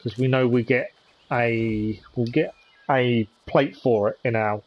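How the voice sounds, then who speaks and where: A man's voice: mid-range voice, steady tone, unhurried, dull audio. A man streaming a game live, chatting casually with viewers in a hesitant way with many ums. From United Kingdom. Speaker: gaming streamer.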